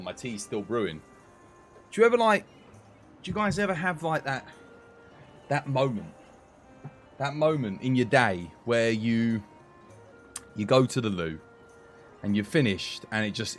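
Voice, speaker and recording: Chatty, lively-pitched male game streamer. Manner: chatty, joking, swears casually, laughs often. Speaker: gaming streamer. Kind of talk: casual livestream chat while playing.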